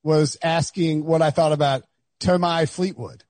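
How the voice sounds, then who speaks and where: A man's voice: high-pitched, animated, normal speed, darkish tone, husky, no room sound. A man hosting a podcast in rambling, joking casual chat. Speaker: podcast host.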